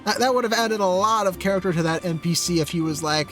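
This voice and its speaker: A man's voice: quick pace, hardly any pauses, fairly bright tone. Male streamer, casual game commentary, wry jokes, light music under. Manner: wry, joking asides, low-key.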